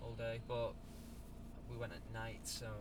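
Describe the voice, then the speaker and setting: A man's voice: medium pitch, monotone, unhurried. A man driving his friends, chatting and asking questions as he goes. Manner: chatty, inquisitive. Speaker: driver. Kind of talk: casual chat in a car. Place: moving car. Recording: noisy car, distant mic.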